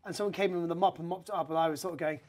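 A male stand-up comedian, a guest, telling anecdotes in casual chat in a lively way. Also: on the high side, very fast. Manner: lively storyteller, acts out voices.

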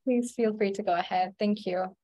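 A woman's voice: medium pitch, fairly even intonation, moderate pace, mellow. A woman moderating an online webinar, politely encouraging the speaker and reminding the audience to send questions.

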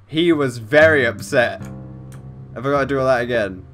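Over soft background music, a man narrates a horror game playthrough in a medium, fairly bright voice at a moderate pace. Recording on a desk mic with facecam, he reads on-screen text aloud and curses jumpily whenever something startles him.

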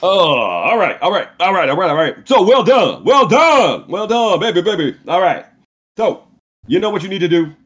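A man's voice: high-pitched, sing-song, moderate pace, a bit bright, husky. A man hosting a quiz game on a comedy podcast, crude, giggly and self-mocking. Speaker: host running a quiz game. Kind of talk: loose comedic podcast banter.

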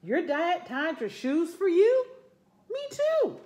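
A woman's voice: very high-pitched, huge pitch swings, takes it slowly, darkish tone, voice pushed up, exaggerated voice. A woman reading a picture book aloud, voicing an anxious little girl about to start kindergarten. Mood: surprised. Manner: worried, then relieved, read-aloud character voice. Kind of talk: storybook read-aloud.

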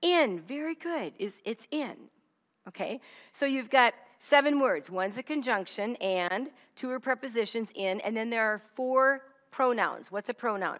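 A woman's voice: on the high side, animated, unhurried, fairly bright tone. A woman Bible teacher leading a study for a live group, stressing and repeating key phrases and quizzing her listeners. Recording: long reverb of a hall.

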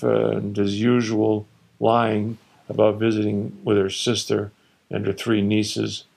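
A man reads his own story aloud with a wry, deliberate delivery. His voice has a noticeable gravelly fry and sits at an ordinary middle pitch. The pacing is steady and measured. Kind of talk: storytelling reading.

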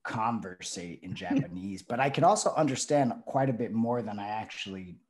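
A man's voice: on the low side, animated, normal speed, darkish tone. A male pro wrestler talking casually as an interview guest, rambling with lots of fillers and restarts.

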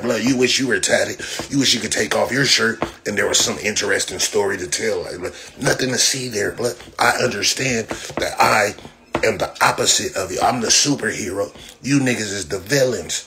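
A man's voice: lowish voice, a little fast. A man, talking brashly on his own livestream and mocking the viewers in his comments with profane trash talk. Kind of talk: livestream rant. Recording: noisy phone livestream audio.

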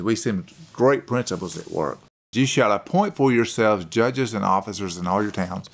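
A man pastor delivering a measured, emphatic sermon with scripture readings. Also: mid-range voice. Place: church.

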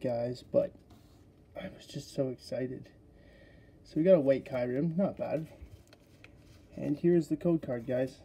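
Excitable man with a very dark, mellow voice. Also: mid-range voice, husky. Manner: excitable, chatty, talks straight to viewers. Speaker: card-opening video host. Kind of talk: casual unboxing commentary.

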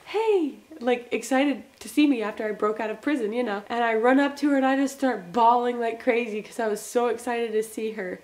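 A young woman vlogging in a chatty, rambling way, acting out little scenes as she tells them. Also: fairly high pitch. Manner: chatty, rambling, animated retelling. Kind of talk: casual chat.

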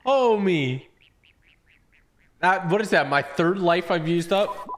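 A young gaming YouTuber gives casual, joking let's-play commentary, teasing the characters and meowing along loudly. His high voice moves at normal speed over background noise.

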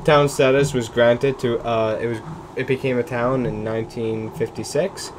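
A man's voice: medium pitch, fairly even intonation, normal speed, noisy background. A man giving nervous, jittery commentary as he plays a game, muttering and then exclaiming. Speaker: let's play gamer. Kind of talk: gaming commentary.

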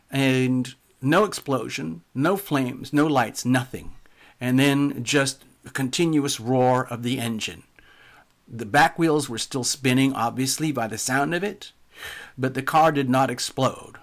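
Man, storyteller, calm, measured, middle pitch, soft trailing endings. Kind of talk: spoken first-person story.

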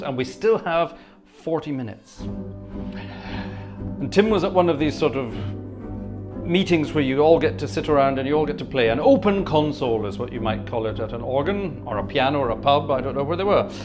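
A man's voice: mid-range voice, expressive, over music. A middle-aged man with a posh Scottish accent, chatting casually with viewers on a livestream and thanking them effusively. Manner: chatty, effusive, quick thanks like 'gosh' and 'splendid'. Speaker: livestream host and organist. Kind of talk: casual livestream chat reading the chat.

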